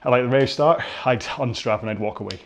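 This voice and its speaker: During the cool-down of a rowing workout he's hosting from his home garage, a man chats fast in a medium-pitched voice. His talk is casual, rambling, jokey and self-deprecating.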